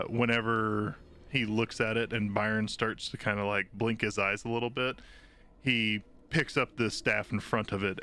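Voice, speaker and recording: A man playing a tabletop game with dry, deadpan humor. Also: lowish voice. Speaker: player.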